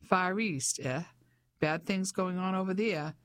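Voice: mid-range voice, a little slow, slight background noise, natural voice. An audiobook narrator voicing a pompous English colonel, a widower, in old-fashioned blustering talk.

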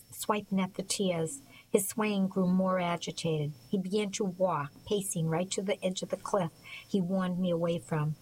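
A woman narrating an audiobook in a measured, even storytelling manner. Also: fairly low pitch, a little hiss or hum, rough recording. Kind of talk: scripted narration.

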